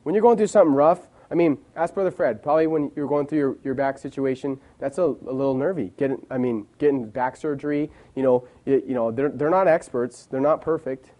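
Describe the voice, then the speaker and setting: A young man giving an informal sermon, telling personal stories in a halting, earnest way with many repeated words. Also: mid-range voice, dark tone. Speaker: lay preacher.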